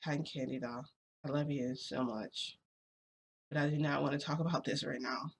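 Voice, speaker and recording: A young woman voicing a calm, possessive adult man in her retold story, speaking firmly and measuredly. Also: rumbling low, normal speed, husky, heavily acted. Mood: steady.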